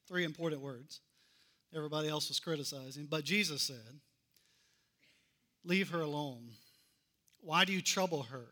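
A man's voice: a little high, bright, forceful tone. A man preaching a sermon, reading scripture and repeating key phrases with building intensity. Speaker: pastor.

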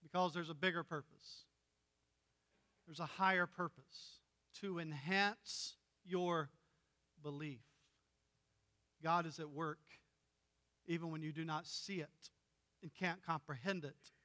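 A man preaching a sermon as a pastor, telling stories in an animated way and acting out the voices of the people he quotes. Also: a little high, slow pace, long pauses, big-room sound.

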